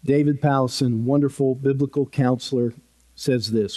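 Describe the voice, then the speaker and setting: A man preaching a sermon in an unhurried, conversational way, with self-deprecating humor, at a podium microphone in a church. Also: mid-range voice, a little mellow. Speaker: pastor.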